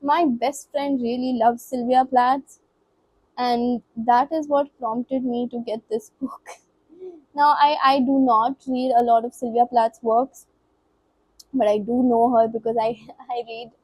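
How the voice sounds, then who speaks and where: Teen woman, Delhi accent, higher voice, a bit husky; loose, stumbling chat, close and dry. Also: darkish tone, no room sound, rough recording. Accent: Indian English, Delhi. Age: late teens. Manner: rambling, self-interrupting, stumbles over words; switches between English and Hindi mid-sentence. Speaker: book vlogger. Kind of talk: casual unscripted chat.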